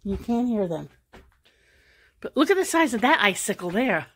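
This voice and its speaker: A woman's voice: medium pitch, animated, normal speed, dry recording, clean studio sound. A woman talking casually and rambling to her camera while she walks outdoors around her house, musing aloud as she goes. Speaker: vlogger. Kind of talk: casual walk-and-talk vlog.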